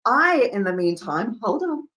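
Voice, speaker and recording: A woman teaching a live online hairdressing class, lively and emphatic, laughing often. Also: a little high, measured pace. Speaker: hairdressing educator.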